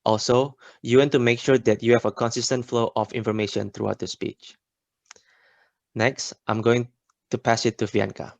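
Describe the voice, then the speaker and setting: A young man presenting a student speech workshop in a steady, instructive way. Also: mid-range voice, moderate pace, creaky, no echo. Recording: dry, muffled lo-fi recording.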